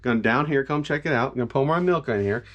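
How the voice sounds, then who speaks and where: A man's voice: mid-range voice, fast talker, dull audio. A man hosting a jokey cooking video in his home kitchen, boasting and hyping up his viewers. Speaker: home cook, vlog host. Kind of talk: comedic cooking vlog.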